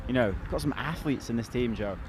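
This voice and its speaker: A man out of breath, chatting casually as a co-commentator with quick, blokey reactions. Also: medium pitch, darkish tone, slight background noise.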